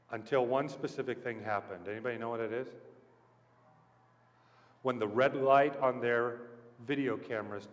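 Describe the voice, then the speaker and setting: A male pastor preaching an animated storytelling sermon, asking the congregation questions. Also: mid-range voice. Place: church sanctuary. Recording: echoey church hall.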